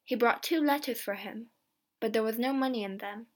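A woman reading a simple story aloud in clear, slow narration. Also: fairly high pitch. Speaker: reader.

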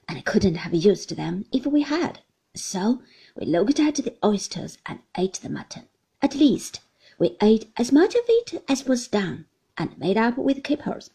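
A woman reading a classic novel aloud as an audiobook narrator, in an expressive, lilting way. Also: mid-range voice, a little slow, vocal fry, breathy edge. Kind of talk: scripted narration.

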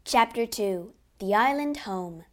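A woman narrating a classic adventure storybook in a clear, expressive read-aloud manner. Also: on the high side, slow.

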